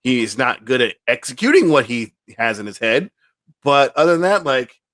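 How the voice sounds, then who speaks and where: A man's voice: medium pitch, moderate pace, no echo, clean studio sound. A man, co-hosting a podcast in casual, rambling chat. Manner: animated, rambling, laughs often. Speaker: podcast co-host.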